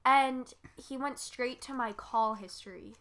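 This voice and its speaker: A woman's voice: sits high, measured pace, smooth. A young woman telling a story in a casual chat, acting out what others said and laughing often. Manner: animated storyteller, acts out quotes, laughs often. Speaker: guest.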